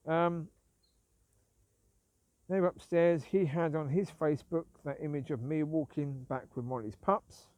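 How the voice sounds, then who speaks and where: A man's voice: a little high, a little mellow, dry recording. Aggrieved man rambling on his own vlog. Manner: repetitive, aggrieved, self-justifying. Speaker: vlogger. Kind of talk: rambling casual monologue.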